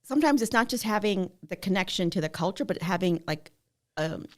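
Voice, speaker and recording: A middle-aged woman guest telling stories in a casual interview, animated and laughing often. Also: medium pitch, fairly quick. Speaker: podcast guest.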